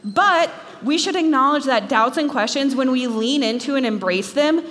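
A young woman from Minnesota gives a talk to students in a chatty, self-deprecating way. Her voice sits a little high. It rings with the long reverb of a large hall. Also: expressive, normal speed, a bit bright. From Minnesota, USA. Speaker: speaker.

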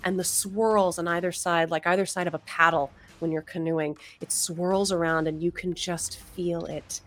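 A woman's voice: lowish voice, fairly even intonation, moderate pace. A woman running a tabletop game, narrating the action and patiently explaining the rules. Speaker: game master.

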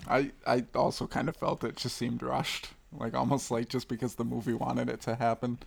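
Gravelly-voiced man with wry film takes. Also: medium pitch, flat delivery, moderate pace, slight background noise. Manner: critical, wry. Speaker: film podcast co-host. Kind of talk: casual chat.

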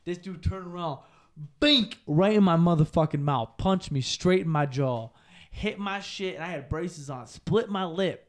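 A man's voice: a little high, measured pace. A young man co-hosting a podcast, chatting casually and telling profane, rambling stories. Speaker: podcast co-host.

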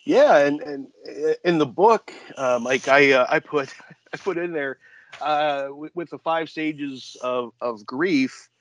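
A man's voice: fairly high pitch, slow pace, no echo. A man being interviewed on a podcast as a guest author, telling rambling stories and laughing at his own jokes. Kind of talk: casual podcast chat.

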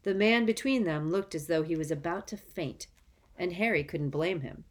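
A woman reading a storybook aloud in a measured, even narration. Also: on the low side. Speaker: audiobook reader.

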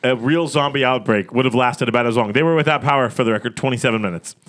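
A man's voice: mid-range voice, fast, a bit bright. A man from Florida co-hosting a podcast, joking and rambling with frequent restarts. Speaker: podcast co-host. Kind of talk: casual chat.

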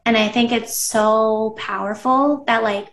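A woman's voice: on the high side, fairly even intonation, a little slow, far from the mic. A woman business coach chatting casually in an interview, saying "like" often and acting out her past thoughts. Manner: chatty, says "like" a lot, acts out her own past thoughts. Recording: echoey room, voice a bit off-mic.

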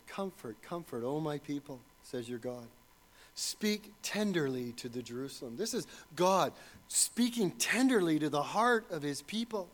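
A man preaching a sermon as pastor, earnest and building to fervent emphasis. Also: medium pitch.

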